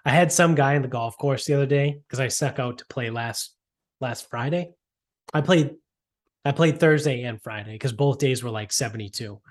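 A man's voice: medium pitch, normal speed. A man from the Boston area co-hosting a casual podcast, rambling and swearing with lots of "like". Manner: rambling, profane, fillers like "like". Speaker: podcast co-host. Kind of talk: casual chat.

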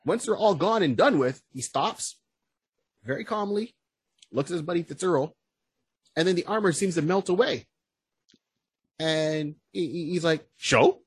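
A man co-hosting a podcast in casual chat, talking excitedly, with stammering restarts and whoops. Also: on the high side, normal speed, long pauses, breathy edge, no echo. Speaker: podcast co-host.

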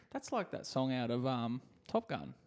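A man's voice: medium pitch, big pitch swings, takes it slowly. A man co-hosting a casual podcast with an Australian accent, teasing and laughing through the banter. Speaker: podcast co-host. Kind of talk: casual chat.

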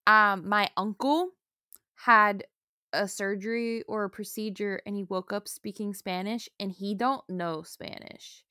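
A woman's voice: medium pitch, steady tone, unhurried, bright, forceful tone, dry recording, clean studio sound. A woman co-hosting a podcast, telling stories loosely and casually, with the odd swear word. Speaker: podcast co-host. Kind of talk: casual chat.

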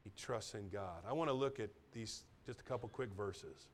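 A middle-aged man preaching a sermon as pastor, dropping to soft, near-whispered asides and then building to loud, emphatic repetitions. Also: lowish voice, moderate pace, a little hiss or hum.

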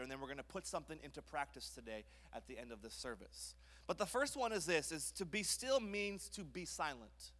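A young man preaching a sermon in a church, telling lively family stories between scripture points. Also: on the high side. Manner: lively storytelling with kid impressions. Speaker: pastor. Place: church sanctuary. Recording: church hall reverb.

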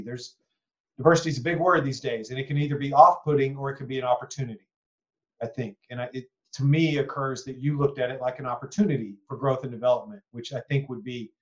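With a medium-pitched voice in lo-fi audio, a man from East Texas hosts a conversational podcast interview. He is reflective and rambling, sprinkling in asides and lots of "you know"s and "right?"s.

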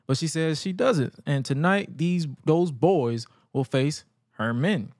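A man co-hosting a podcast, telling wrestling moments in a casual, animated way that acts out what people said. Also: fairly high pitch, slow, no room sound, studio quality. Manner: animated storyteller, acts out quotes. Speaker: podcast co-host. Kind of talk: casual wrestling recap chat.

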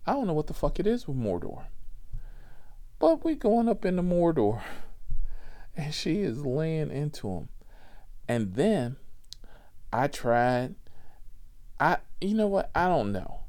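A man telling a comic story on his podcast, profane and animated with a drawling delivery. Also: a little high.

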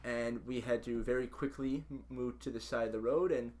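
A man co-hosting a podcast from his own house, telling a first-hand story with wry, deadpan asides and halting restarts. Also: mid-range voice, slight background noise. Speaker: podcast co-host. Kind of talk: casual chat.

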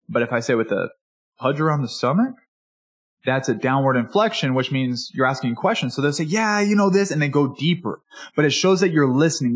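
A man coaching on networking in a casual spoken lesson, acting out quoted people with brisk shifts in pitch. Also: breathy edge.

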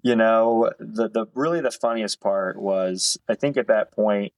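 A man in his thirties with a low voice tells his stories in a loose, animated way and throws in the odd swear. The sound is close and dry, with no room around him. He talks like a working photographer sharing stories with friends. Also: unhurried, dry recording, rough recording. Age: 30s. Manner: animated anecdotes, casual with mild swearing. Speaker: racing photographer guest. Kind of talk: casual storytelling interview.

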